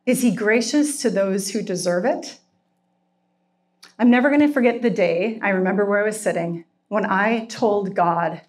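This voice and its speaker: A middle-aged woman giving a heartfelt sermon with personal testimony, earnest and emotional, slowing down for emphasis and at times tearful. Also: mid-range voice. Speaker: speaker at a Christian retreat.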